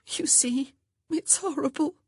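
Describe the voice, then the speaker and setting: Tearful young Regency lady, played by a woman narrator; high, breathy, pleading, storybook reading. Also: expressive, moderate pace, no echo, studio quality. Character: young gentlewoman, tearful and anxious.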